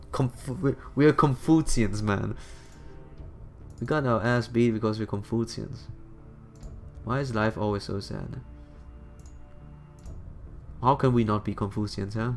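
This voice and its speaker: A man's voice: on the low side, measured pace, gravelly, long pauses, soft background music. A man reading a game story aloud and cracking offhand jokes between lines. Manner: jokey, offhand asides. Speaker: reader voicing a game story. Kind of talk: casual playthrough commentary.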